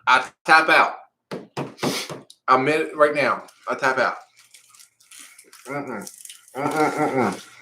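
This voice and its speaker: A man talks slowly and painfully, short of breath as his mouth burns. His voice has a bright edge and rings in an echoey room. Faint noise sits behind him. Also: mid-range voice. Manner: pained, groaning, slow-spoken. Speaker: vlogger. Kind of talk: reacting on camera to a hot pepper.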